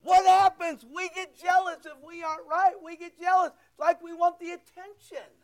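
An older man preaching a sermon as pastor, loud and emphatic, swinging between near-shouts and quiet asides. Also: very high-pitched, flat delivery, moderate pace. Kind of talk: sermon with prayer.

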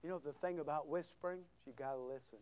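Older male preacher, loud to hushed. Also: fairly high pitch, quick pace. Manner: swings from loud shouting to near-whispers; repeats words for emphasis. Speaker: pastor. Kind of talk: sermon.

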